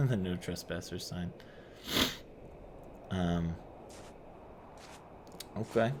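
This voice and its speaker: Man, gaming host, let's-play commentary, soft-spoken, musing, very slow pace, faint background hiss. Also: sits low. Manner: soft-spoken, musing aloud, often trailing into murmurs.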